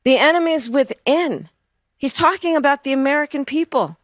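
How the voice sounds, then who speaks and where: Woman, politician, town hall answers, measured, firm, dry sound. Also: high voice. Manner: measured, firm, repeating phrases.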